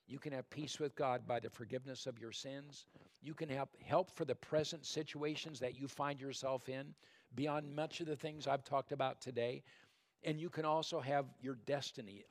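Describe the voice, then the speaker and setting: A man preaching a sermon as pastor, talking conversationally and speaking straight to the congregation, and dropping to a soft, hushed tone when calling for prayer. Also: mid-range voice. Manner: conversational storytelling, addresses the congregation directly.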